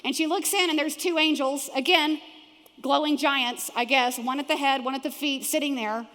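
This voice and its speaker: High-voiced woman pastor preaching in a large hall. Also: moderate pace. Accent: Texan. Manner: animated, acts out voices of the people in the story. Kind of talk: sermon. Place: large church auditorium. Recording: long hall reverb from a church auditorium.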